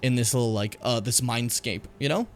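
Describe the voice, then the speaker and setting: A man streaming a game, chatting and rambling in a casual, animated way between game lines. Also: mid-range voice, brisk, a little hiss or hum. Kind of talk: casual gameplay commentary.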